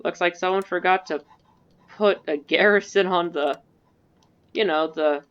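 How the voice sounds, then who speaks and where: Brief: woman gamer, low voice, rambling giggly play-by-play, muffled lo-fi mic. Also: measured pace. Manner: rambling, giggly, self-mocking. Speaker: gaming video creator. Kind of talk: casual gameplay commentary. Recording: dull lo-fi mic.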